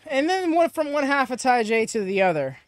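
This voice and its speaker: A young man hosting a live watchalong stream, chatting excitedly with many fillers and quick laughs on a close mic. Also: very high-pitched, smooth, no echo. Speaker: watchalong host. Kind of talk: live reaction commentary.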